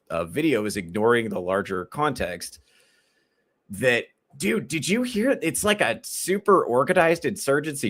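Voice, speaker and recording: Animated, profane male comedian ranting. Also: mid-range voice. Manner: profane, rambling, exasperated, many fillers. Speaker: comedian and podcast host. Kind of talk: solo podcast monologue.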